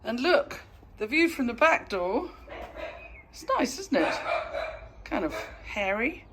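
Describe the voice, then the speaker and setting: A woman's voice: fairly high pitch, sing-song, slow, heavy background noise. An English woman, a flower farmer, chatting casually as she gives a rambling, self-amused tour of her garden outdoors by her back door. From England.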